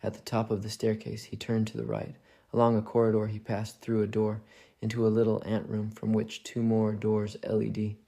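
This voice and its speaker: A man with a low, dark, gravelly voice narrates a classic mystery tale in calm storybook style. He reads quietly, evenly and briskly, his delivery completely flat with barely any pitch movement, as though lulling a listener to sleep.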